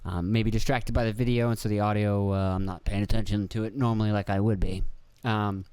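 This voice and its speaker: This young man's voice is on the low side, steady and a little mellow, and he speaks briskly; the audio is clean with no echo. Hosting a casual podcast alone indoors in front of a video camera, he rambles, curses, laughs at himself and voices the people he quotes.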